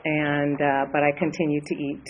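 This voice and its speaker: A woman in her late fifties, from the Los Angeles area, sharing her story at a recovery meeting, hesitant and earnest with many pauses. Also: low-pitched, level tone, lo-fi sound, a little hiss or hum. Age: 50s. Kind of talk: personal share at a support meeting.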